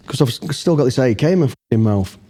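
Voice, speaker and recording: A middle-aged man tells his story in plain, blunt words, swearing freely and acting out his own past thoughts. His voice is deeply dark and mellow, sitting at an ordinary pitch for a man. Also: expressive, fast, slightly rough. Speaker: interview guest, former special forces soldier. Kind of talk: casual storytelling.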